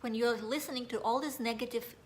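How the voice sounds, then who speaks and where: A woman's voice: a little high, steady tone, fairly quick. A woman from Russia, giving a rambling, earnest motivational talk on mindset, with a slightly nasal voice and many fillers. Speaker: mindset coach.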